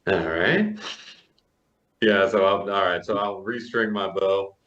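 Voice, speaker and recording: A laid-back man playing a tabletop game, laughing often between his moves. He talks very slowly in a fairly low voice. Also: a bit bright, dull audio. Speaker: player. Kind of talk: casual game chat.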